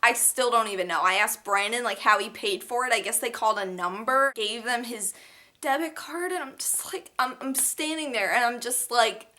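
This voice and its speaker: Young woman vlogger, bright voice, lively and indignant storytime. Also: fairly high pitch, moderate pace. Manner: animated and indignant, full of "like". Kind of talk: storytime vlog.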